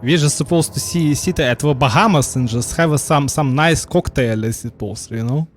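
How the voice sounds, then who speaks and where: A man's voice: a little high, animated, a little slow, pauses often, slight background noise. A man from Russia with a Russian accent, talking casually while he plays a game, rambling with frequent restarts, fillers and laughs. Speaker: streamer. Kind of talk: casual gameplay commentary. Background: game music.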